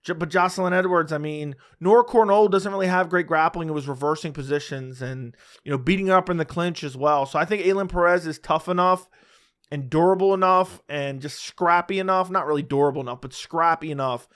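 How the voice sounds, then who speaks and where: A man with a somewhat high-pitched voice talks through his fight predictions on his own. He is blunt and opinionated, with a dry, sarcastic streak. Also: brisk, a bit bright. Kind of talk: casual solo fight-prediction commentary.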